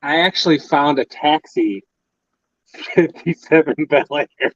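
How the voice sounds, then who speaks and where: A man hosting a casual livestream while building a model, relaxed and laughing often. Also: fairly high pitch, a little slow, dry recording. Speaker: host building a hobby model. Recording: dry lo-fi sound.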